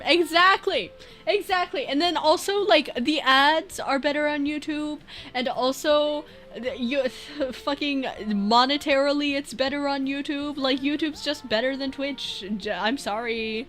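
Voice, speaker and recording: Giggly, slow-talking woman streamer. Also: sits high. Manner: giggly, rambling, bursts into loud laughs. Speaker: VTuber streamer. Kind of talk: casual chat reading viewer messages.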